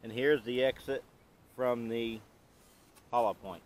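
A man's voice: mid-range voice, fairly even intonation. A man hosting a casual firearms demo vlog, talking plainly and unhurriedly, with the hiccups, recorded outdoors. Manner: plain, unhurried show-and-tell. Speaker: channel host.

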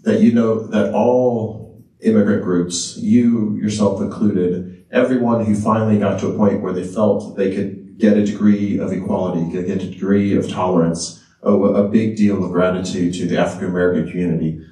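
A man with a low, mellow voice asks a long, hesitant question as moderator of a talk. He sits far from the microphone in a room with a strong echo. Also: fairly even intonation. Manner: halting, searching for words. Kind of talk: interview question. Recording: echoey room, distant mic.

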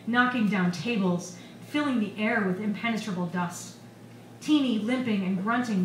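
A woman's voice: mid-range voice, a little hiss or hum. Woman author, live fiction reading, roomy bar sound heard from a distance. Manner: expressive storytelling. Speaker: author reading her novel. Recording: echoey bar recorded from far off, faint ambience.

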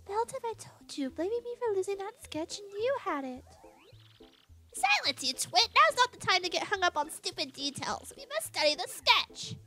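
A woman's voice: very high voice, sing-song, moderate pace, pushed and bright, faint music behind, pitched above the performer's own voice, exaggerated voice. A woman voicing a bossy female villain leader who scolds imperiously. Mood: scolding.

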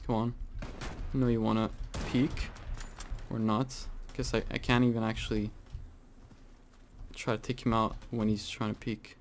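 A man giving casual, rambling commentary over his own gameplay, full of fillers and sudden excited outbursts. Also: fairly low pitch, a little slow, slight background noise. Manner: chatty, rambling with many fillers, bursts into excited exclaims. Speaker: gaming channel host.

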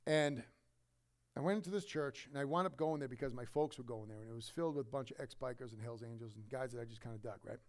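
A middle-aged male pastor preaches a sermon, telling a personal story with emotion in a fast, mid-range voice. He swings from loud emphasis down to hushed quiet.

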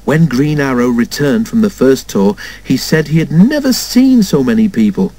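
A man reading a children's storybook aloud in an expressive way, doing all the character voices himself. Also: medium pitch, normal speed, low-quality recording. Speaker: storybook narrator.

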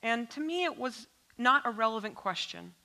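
A woman's voice: fairly high pitch, very animated, normal speed, vocal fry, sharp tone. A woman journalist from New York interviews her guest onstage in a pointed, challenging way.

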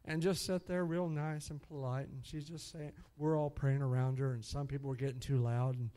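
A man's voice: medium pitch, moderate pace. A middle-aged man preaching, telling stories with frequent hallelujahs and laughter. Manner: animated, exclaims hallelujah often, laughs at own stories. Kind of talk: sermon storytelling.

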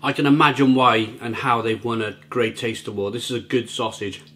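A man's voice: mid-range voice, fairly even intonation, moderate pace, a bit bright. A man hosting a casual food review vlog at home, talking in a chatty, rambling way and often repeating his words. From Britain. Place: at home, near the grill.

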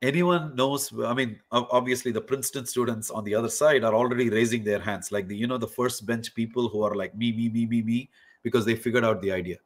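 Animated man lecturing a hackathon workshop. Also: mid-range voice, fast talker, few pauses. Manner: animated storyteller, questions the audience, many fillers. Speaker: workshop host and professor. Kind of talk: interactive online lecture to students.

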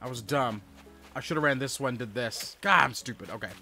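A man in his thirties chatting casually on a live stream as he plays, reading and answering his chat aloud with quick exclamations at the game. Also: mid-range voice, pushed and bright, faint music behind. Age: 30s.

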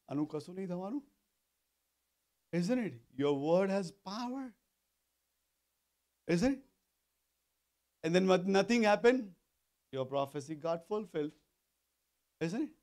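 High-voiced pastor preaching a sermon. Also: male voice, a little mellow. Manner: repetitive, call-and-response questions to congregation.

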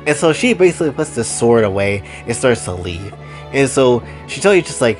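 A man's voice: medium pitch, animated, fairly quick, soft background music. A man casually retelling a story in a loose, slangy way.

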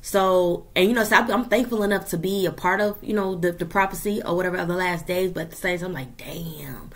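A woman's voice: lowish voice, fairly even intonation, fast talker. A woman giving a casual tarot reading to her viewers, talking in a profane, emphatic way and tagging her points with "okay?" and "period.". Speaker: tarot reader.

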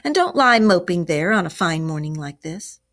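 A woman's voice: on the low side, big pitch swings, fairly bright tone. A woman doing a hearty, fussing water rat. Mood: hearty, worried. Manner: brisk, hearty, fretful. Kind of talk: storybook read-aloud.

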